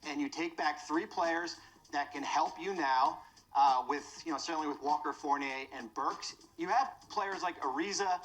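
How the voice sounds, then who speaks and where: Measured, matter-of-fact male analyst. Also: fairly high pitch, a bit bright, faint music behind, low-quality recording. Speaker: sports analyst. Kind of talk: sports talk analysis.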